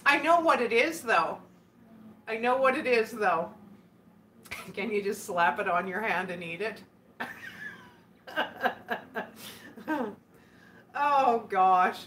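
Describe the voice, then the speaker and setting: A woman's voice: fairly high pitch, lively intonation, very slow, long pauses, a bit bright, a little hiss or hum. A woman hosting a casual live stream, chatting and giggling as she answers viewer comments. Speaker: livestream host.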